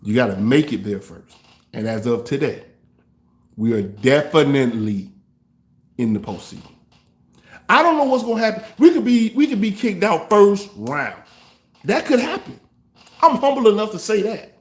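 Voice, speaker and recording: A man hosting a fan reaction show, trash-talking rival fans in a loose, animated way. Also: high-pitched, normal speed, long pauses. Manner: trash-talking, animated, African American Vernacular English grammar. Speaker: sports fan show host.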